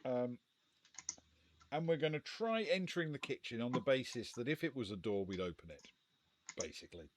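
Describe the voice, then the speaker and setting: A man with an animated, up-and-down voice reads out a gamebook and talks through the choices with dry, understated humour. A faint hiss sits under his voice. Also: medium pitch, normal speed, long pauses. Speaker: co-host reading the gamebook. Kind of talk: casual live-stream gamebook play-through.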